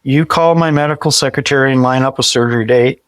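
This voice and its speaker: A man's voice: medium pitch, fast, smooth, no room sound. Man in his forties telling a story. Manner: acts out quoted dialogue vividly; frequent restarts and repeated words. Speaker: podcast guest. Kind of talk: conversational storytelling.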